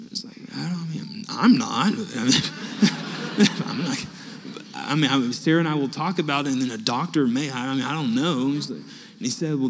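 A young adult man preaching a sermon, telling personal stories and acting out the dialogue with lively energy. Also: on the high side. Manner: animated anecdotes with acted-out dialogue. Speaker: pastor. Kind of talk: storytelling sermon. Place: church sanctuary. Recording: long hall reverb.

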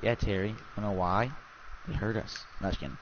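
A man's voice: on the low side, fairly even intonation, fairly quick. A young man gaming with a friend, swearing and ranting in exasperated, profane banter. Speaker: gamer. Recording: dull lo-fi with faint noise.

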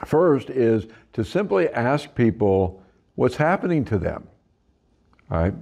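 A trainer speaks slowly to facilitators in a dark, gravelly mid-range voice with wide pitch swings. At points, he livens his voice to act out clients' lines.

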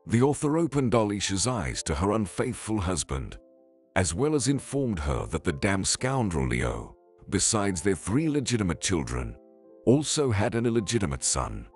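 Narrator: low, breathy male voice, animated melody, light music bed. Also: normal speed. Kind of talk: scripted storytelling narration.

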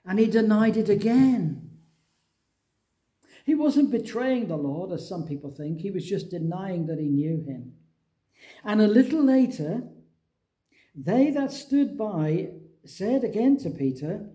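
A middle-aged man from England preaching a sermon, telling a Bible story with lively acted-out dialogue. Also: sits high, a little slow.

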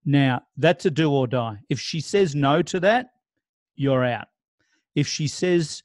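A man's voice: mid-range voice, unhurried, darkish tone, no echo. A man giving a casual real estate sales lesson, talking through client scripts with many restarts. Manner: conversational, role-plays client scripts, frequent restarts. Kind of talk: casual training talk.

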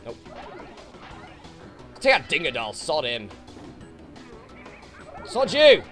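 A British man who hosts let's plays, giving excitable gameplay commentary full of swearing and frustrated outbursts. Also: fairly high pitch, takes it slowly, pauses often, faint music behind. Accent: British English. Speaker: let's play host.

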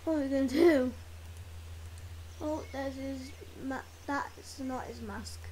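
High-voiced woman exclaiming through a role-play. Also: slow. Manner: exclamatory, squeamish, lots of oh and ugh. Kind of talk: casual game role-play. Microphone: desk mic. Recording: loud background noise.

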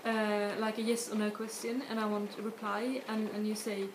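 A woman teaches in a relaxed video lesson, pausing and restarting as she walks through examples. Her voice sits at an ordinary middle pitch. The room around her sounds echoey, with a faint hiss underneath. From Sweden. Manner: explains slowly with many restarts and spoken example words. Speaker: language tutor.

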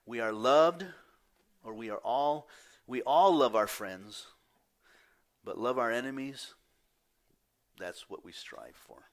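A man preaching a sermon as pastor, moving between loud emphatic declarations and hushed, near-whispered lines, with confessional asides. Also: mid-range voice, slow pace, long pauses. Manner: confessional, self-deprecating asides.

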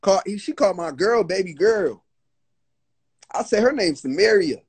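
A young man on a livestream phone call, telling a heated story. He is agitated and profane and keeps stumbling into restarts. His voice sits high and sounds husky. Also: expressive, normal speed. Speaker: guest on a livestream. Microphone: phone on a live video call.

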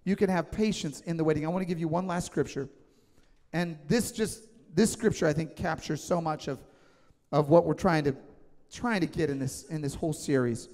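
A fairly high-voiced male pastor delivers an emphatic, conversational sermon. He regularly checks in with his listeners, and his voice rings with the long reverb of a church hall. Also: moderate pace, darkish tone. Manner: emphatic, conversational, asks the congregation questions. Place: church sanctuary.

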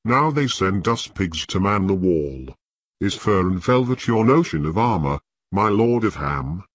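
A man's voice: sits low, big pitch swings, measured pace, husky, no room sound, full character voice. A man voicing a cold, sneering master-at-arms. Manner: taunting, contemptuous.

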